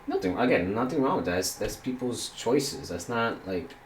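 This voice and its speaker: A man's voice: fairly low pitch, sing-song, normal speed, echoey room, slight background noise. A man streaming a game while telling a rambling story, quoting people and swearing casually.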